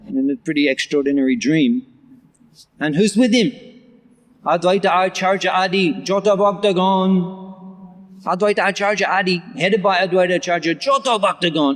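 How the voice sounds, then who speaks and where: A man with a slightly higher voice teaches scripture in a large temple hall, and a long reverb trails after his words. He draws out verse lines slowly and repeats them before he explains them with animated energy. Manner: animated, with occasional laughter. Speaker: scripture lecturer.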